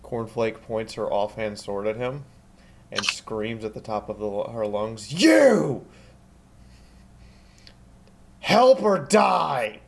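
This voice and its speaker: A man's voice: lowish voice, level tone, a little slow, a bit bright, a little hiss or hum. A man playing in a tabletop game, asking questions in a matter-of-fact way. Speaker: player. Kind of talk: casual tabletop play.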